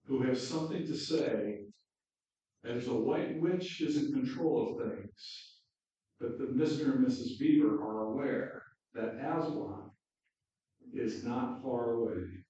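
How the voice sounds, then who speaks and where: Slow, deliberate preacher in an echoey hall. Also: male voice, mid-range voice, warm tone. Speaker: pastor. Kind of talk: sermon with a read-aloud story. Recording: dull echoey hall from far off.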